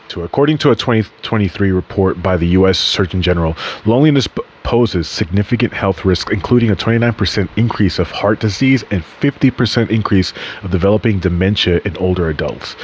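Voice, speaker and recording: A man's voice: low voice, a little hiss or hum. A man hosting a podcast in a casual, rambling monologue, swearing freely and often correcting himself mid-sentence. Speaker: podcast host.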